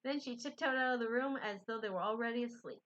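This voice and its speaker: A woman reading a children's book aloud in a gentle, unpolished way, correcting her own slips. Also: on the high side, fast talker. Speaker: storybook reader. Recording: dull lo-fi recording.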